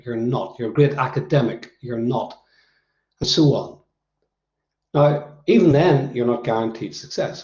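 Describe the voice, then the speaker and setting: Hoarse man telling a story. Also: medium pitch, darkish tone, reverberant, muffled recording. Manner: anecdotal, conversational delivery. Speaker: motivational speaker. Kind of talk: storytelling talk to students.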